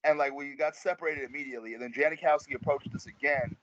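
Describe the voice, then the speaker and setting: Fast-talking slangy rapper, dull lo-fi audio. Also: male voice, fairly high pitch, fairly even intonation, a bit bright, slight background noise. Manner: slangy, rambling, laughs through the story. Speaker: guest rapper. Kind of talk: casual storytelling in an interview.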